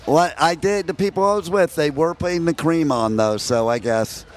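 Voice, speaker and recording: A talkative American man with a slightly raised pitch, chatting with a band at an outdoor festival. He jokes freely and laughs between his stories. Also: moderate pace. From New York and New Jersey. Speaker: interviewer. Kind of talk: casual festival interview.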